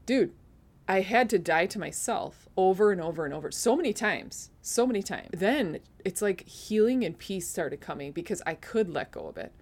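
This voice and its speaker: Her medium-pitched, darkish voice is animated, moving at a moderate pace with few pauses. As a podcast host, she sincerely recounts her faith testimony, sometimes tearing up and sometimes chuckling at herself.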